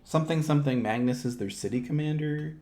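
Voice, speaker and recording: A man with a fairly high, warm voice talks quickly in a casual toy review vlog, faint music behind him. While handling and assembling a figure, he chatters playfully and goofily, joking at his own expense.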